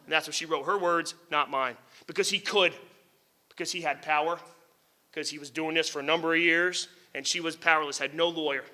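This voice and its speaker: A middle-aged man from New Jersey, a lawyer telling a story to a lecture audience. His voice sits high for a man and has a sharp, very bright tone. He talks in an animated, candid way, swears casually and chuckles at his own lines. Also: brisk. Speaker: lawyer and author giving a book talk.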